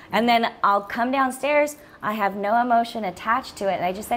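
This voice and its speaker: A woman in relaxed conversation, an animated storyteller who jumps up in pitch to act out what she thought, and who laughs easily. Her talk is loose and full of fillers like "like". A faint noise sits behind her. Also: fairly quick, few pauses. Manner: laughs often, many fillers like "like". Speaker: podcast guest. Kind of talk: casual chat.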